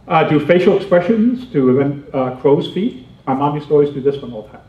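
A man giving a humorous seminar talk, animated and chatty, laughing often and acting out little scenes. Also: fairly high pitch, a little fast, hardly any pauses. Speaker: comedy seminar speaker. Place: seminar room. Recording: roomy, muffled, distant hall recording.

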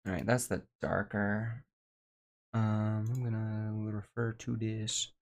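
A man's voice: on the low side, takes it slowly. A man streaming as a VTuber, chatting casually with his viewers while he works, swearing now and then. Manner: relaxed, swears casually, talks to chat. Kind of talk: casual livestream chat while working on an avatar.

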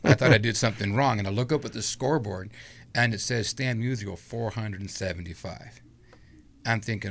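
A middle-aged man with a low, gravelly voice spins a long personal story, slipping into the voices of the people in it. He sounds relaxed and chatty, speaking as a guest in a casual interview. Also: fairly quick, slight background noise. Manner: animated anecdote-telling with acted-out quotes.

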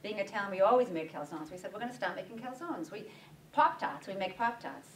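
A bakery owner guest-speaking at a breakfast event talks fast in a mid-range voice with lively intonation, telling stories and animatedly acting out quoted dialogue, then taking audience questions. Recorded from a distance in the meeting room, the sound is roomy.

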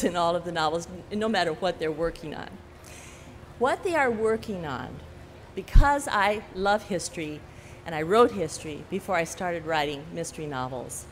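An older woman author talking to an audience at a book festival, telling animated stories with frequent "you know" and laughing at her own anecdotes. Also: fairly low pitch, slight background noise. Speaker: author giving a talk. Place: large hall at a book festival. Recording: echoey hall with faint ambience.

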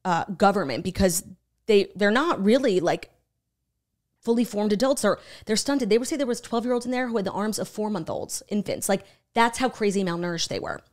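A young woman retells a story on a casual podcast. She is animated and loose, swearing freely and filling her sentences with "like". Her voice sits at an ordinary middle pitch. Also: fairly quick. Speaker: podcast co-host. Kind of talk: casual chat.

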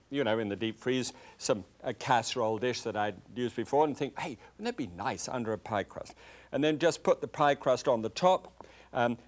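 A man's voice: mid-range voice, slight background noise. An older man, demonstrating a recipe in a chatty, enthusiastic way as a cooking show host.

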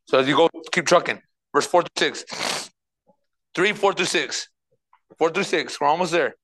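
A man preaching a sermon as pastor, reading scripture verse by verse and swinging between quiet asides and loud, emphatic passages. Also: on the high side, moderate pace, low-quality recording.

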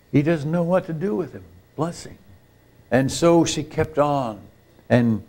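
An older missionary speaker tells a story during a sermon at a retreat camp meeting, voicing the quoted characters and frequently turning to the audience with asides. His voice is mid-range and a little mellow.

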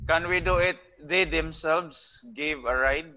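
A man's voice: on the high side, slow pace, bright, forceful tone, lo-fi sound. A man in a class, asking the teacher short, hesitant questions. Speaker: student.

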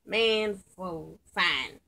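A woman giving playful, joking commentary while playing a video game, often breaking into excited exclamations. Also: fairly low pitch, extremely slow, heavy background noise. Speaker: gaming video creator. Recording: clear game music behind voice. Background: game music.

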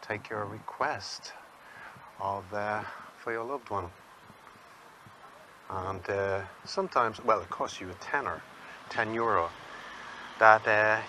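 A man's voice: lowish voice, background noise. An Irish man vlogging in a rambling, chatty way and laughing often as he talks to viewers. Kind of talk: casual walking vlog.

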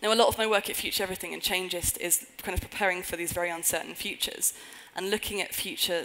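A woman's voice: lowish voice, bright, forceful tone, slight background noise, rough recording. A woman giving a conference talk on a stage before an audience, earnest with wry humorous asides. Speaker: conference speaker.

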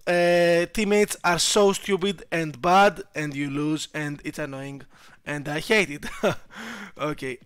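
A young man giving casual gameplay commentary, excitable, swearing and shouting at his troops and laughing at himself. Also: on the high side, clean tone, no room sound. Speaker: gaming YouTuber.

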